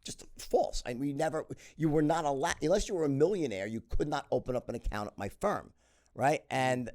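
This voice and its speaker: Here a middle-aged man talks briskly at medium pitch as a podcast guest. His casual interview storytelling is lively and full of swearing, with many restarts and repeated "right?"s.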